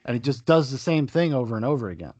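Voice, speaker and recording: A man's voice: medium pitch, lively intonation, quick pace, darkish tone, no room sound, muffled recording. A man hosting a casual podcast chat, swearing freely and slipping into mock-boastful rants. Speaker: podcast host.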